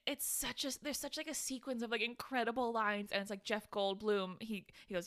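A woman co-hosting a podcast in casual chat, gushing and excitable, often laughing as she recounts scenes. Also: fairly high pitch, fairly quick, hardly any pauses. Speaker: podcast co-host. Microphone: studio microphone.

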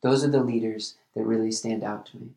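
Earnest man with a gravelly, flat voice. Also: on the low side, roomy sound. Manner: earnest, halting with repeated restarts. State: emotional at times. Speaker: podcast host. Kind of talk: reflective solo podcast monologue.

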